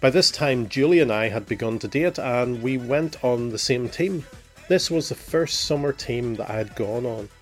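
A middle-aged man from Northern Ireland hosting his own show, reading a scripted personal account in a measured, reflective way. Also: medium pitch, soft background music. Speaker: podcast host.

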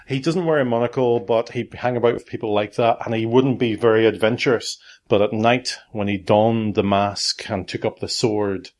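A man's voice: lowish voice, fairly even intonation, normal speed, hardly any pauses. A middle-aged man hosting a casual family podcast, rambling, correcting himself and joking as he goes. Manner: rambling, self-correcting, playful. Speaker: podcast host.

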